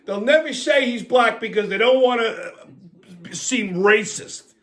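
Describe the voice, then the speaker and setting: A man's voice: very high-pitched, expressive, unhurried, a bit bright. Blunt, profane New man. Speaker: host. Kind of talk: opinionated comedic rant.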